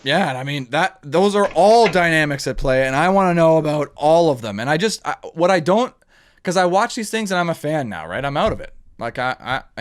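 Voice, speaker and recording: A man hosts a casual podcast chat, talking emphatically in an animated, rambling way with many restarts. His voice is a little high and fairly quick.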